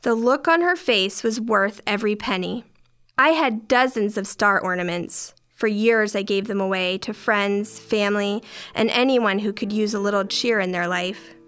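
A woman's voice: medium pitch, moderate pace, a bit bright, clear, resonant tone. A middle-aged woman narrating a first-person story in a dry, wry way.

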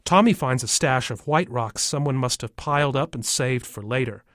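A man calmly narrating a first-person story from a child's view. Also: medium pitch, normal speed, no echo, studio quality. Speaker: audiobook narrator.

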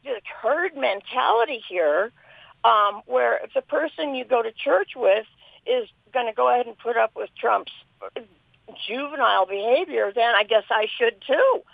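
A woman's voice: a little high, animated, moderate pace, gravelly, no echo. An older woman calling in to a radio talk show, emotional and pleading as she speaks. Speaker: caller. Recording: phone line, lo-fi.

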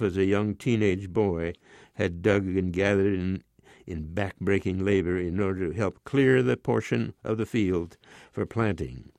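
A man in his nineties reading aloud his own short story in a measured, expressive way. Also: on the low side, no echo, clean studio sound. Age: 90s.

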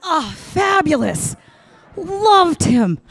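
A middle-aged woman doing stand-up storytelling, frank and animated, acting out the voices in her tale. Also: very high voice, extremely slow. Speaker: comedian.

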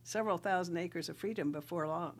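A woman's voice: on the low side, fairly quick. An older woman from South Dakota, a writer and rancher, tells stories in a radio interview, laughing often and reciting verse.

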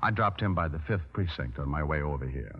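A man's voice: a bass voice, expressive, fairly quick, slightly rough, soft background music, heavily acted. A man playing a cocky, wisecracking private detective in an old radio drama, with a teasing manner. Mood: accusing. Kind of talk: 1940s radio drama acting. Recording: muffled old radio broadcast.

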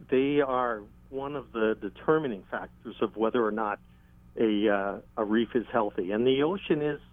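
A man being interviewed about documenting sharks, telling stories at an unhurried, halting pace with dry humor. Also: mid-range voice, dry recording. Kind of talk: conversational interview storytelling. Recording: tinny phone-line sound.

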